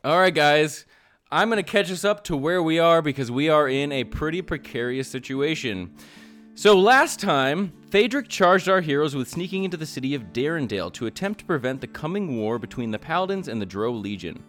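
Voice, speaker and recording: A man's voice: on the high side, lively intonation, brisk, a bit bright, soft background music. A man hosting a tabletop game podcast as dungeon master, recapping the story in an upbeat way. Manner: upbeat recap, laughs with players.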